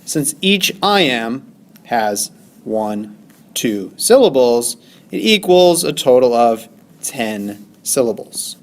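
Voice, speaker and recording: A man's voice: mid-range voice, big pitch swings, slow pace. A male teacher lecturing over slides, stressing syllables and counting them aloud.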